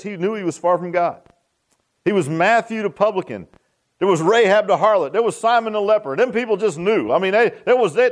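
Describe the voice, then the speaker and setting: A man preaching a sermon, folksy and joking, often asking the congregation questions. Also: on the high side. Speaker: pastor.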